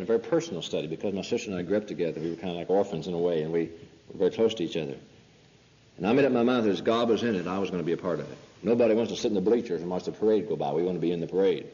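Male preacher, mellow voice, pressing rhetorical questions; dull old recording in a reverberant hall. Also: low-pitched. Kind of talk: sermon.

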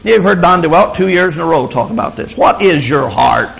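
Preacher guy, gravelly voice, swoops up and down a lot, emphatic then hushed. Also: on the high side, lively intonation, brisk, rough recording. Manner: emphatic, storytelling, swings between loud and hushed. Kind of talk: sermon.

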